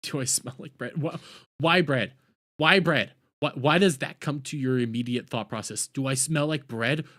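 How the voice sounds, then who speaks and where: A man's voice: mid-range voice, normal speed, bright, forceful tone. Profane, incredulous male streamer. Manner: profane, exasperated, breaks into incredulous laughter. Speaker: streamer reacting to clips. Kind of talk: casual live-stream commentary.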